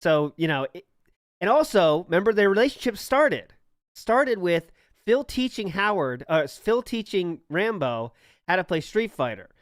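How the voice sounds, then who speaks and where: A man in casual podcast talk with a fairly high voice, blunt and quick to swear. He acts out what others said in short quoted bits. The sound is dry and close, with no room around him. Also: sing-song, no echo. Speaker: podcast co-host.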